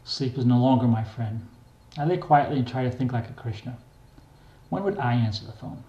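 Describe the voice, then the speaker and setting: An older man reads his own memoir aloud in a plain, wry, unhurried way. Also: mid-range voice, dark tone, lo-fi sound. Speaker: memoir reader. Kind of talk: memoir narration. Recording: echoey room.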